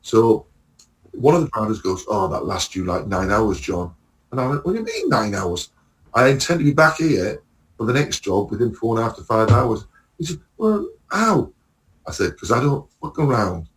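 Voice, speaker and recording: A man with a somewhat low voice tells stories about his work as a lorry driver in a relaxed, chatty way. He acts out the other people's lines as he goes and swears freely. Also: normal speed, rough recording. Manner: animated storytelling, acts out dialogue, swears freely. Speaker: lorry driver and podcast guest. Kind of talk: casual chat.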